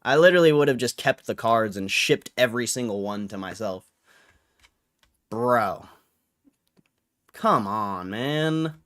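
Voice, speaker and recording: A man's voice: mid-range voice, animated, a little slow, long pauses, fairly bright tone. A young man hosting a livestream, ranting in an annoyed, swearing way with frustrated laughs. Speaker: livestream host. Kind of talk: casual livestream rant.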